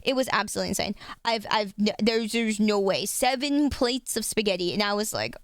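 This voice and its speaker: A woman's voice: mid-range voice, normal speed, hardly any pauses, dry recording, studio quality. A young woman streaming live, chatting casually with her viewers and swearing freely. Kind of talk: casual chat with chat.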